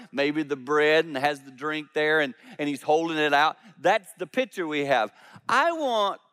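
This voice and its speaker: A man, a lead pastor, preaching a sermon with animated storytelling, jumping between loud emphatic peaks and quiet low asides. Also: clear, resonant tone, in a large hall.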